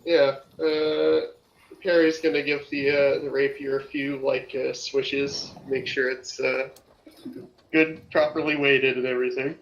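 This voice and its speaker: A man's voice: medium pitch, little pitch movement, unhurried, vocal fry, highs cut off. A man playing in a tabletop game, playful and hesitant with fillers. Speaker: player. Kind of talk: tabletop role-play.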